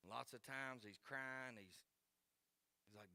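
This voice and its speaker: A pastor in his forties delivers a sermon with a middle-of-the-road male pitch. He speaks in a folksy, earnest way and leans on repetition to drive his points home. The sound is dry, with almost no room echo. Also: slow, pushed and bright. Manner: earnest, folksy, repeats key phrases for emphasis.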